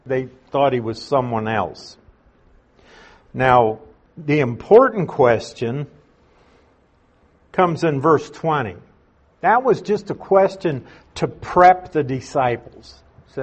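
A male Bible teacher works through scripture at a slow, deliberate pace, with a husky, slightly breathy voice at a middle pitch. He keeps a conversational manner and circles back to restate each point. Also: lively intonation. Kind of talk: verse-by-verse Bible study teaching.

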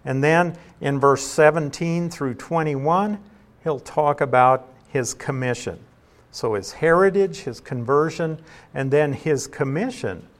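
A pastor teaching through a Bible passage verse by verse in a conversational way, reading the scripture aloud and explaining it. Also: male voice, fairly high pitch, unhurried.

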